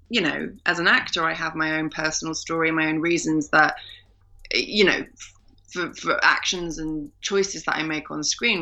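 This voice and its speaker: Chatty woman, bright, muffled audio. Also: low-pitched. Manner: chatty, many fillers and restarts, bright lively laugh. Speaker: actor, interview guest. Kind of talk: casual video-call interview. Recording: dull muffled home call audio.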